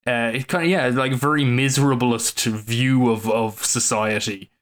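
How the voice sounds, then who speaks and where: A man's voice: mid-range voice, fairly even intonation, a little slow, fairly bright tone. A man co-hosting a film podcast, talking in a thoughtful, rambling way with many fillers. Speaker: podcast co-host. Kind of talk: casual film discussion.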